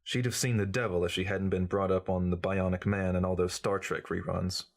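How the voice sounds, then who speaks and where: A man's voice: low voice, little pitch movement, fairly quick, gravelly. A man reading as a glib, cynical journalist who lectures breezily in an audiobook. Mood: lecturing. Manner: breezy, lecturing, know-it-all.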